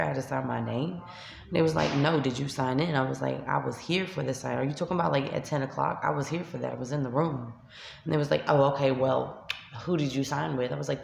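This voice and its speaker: A woman's voice: rumbling low, creaky, echoey room, slight background noise. A woman with a New York accent, a shelter resident venting to camera in a vlog, upset and tearful as she retells an argument. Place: shelter room by a street window.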